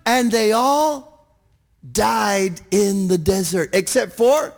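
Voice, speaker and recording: High-voiced slow-preaching man. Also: gravelly. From Texas, USA. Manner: earnest preaching with frequent restarts and calls of "Amen?". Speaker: pastor. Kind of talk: sermon.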